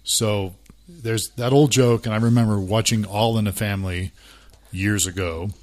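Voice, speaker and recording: A man's voice: fairly low pitch, moderate pace. A middle-aged man co-hosting a casual podcast about church life, chatty and self-deprecating. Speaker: podcast co-host.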